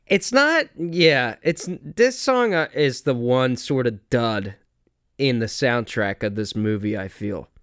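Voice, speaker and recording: A man's voice: mid-range voice, lively intonation, slow pace, a bit bright, clean tone, dry recording, clean studio sound. A man hosting a podcast, casually chatting about a film, swearing, laughing and acting out scenes. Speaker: podcast host.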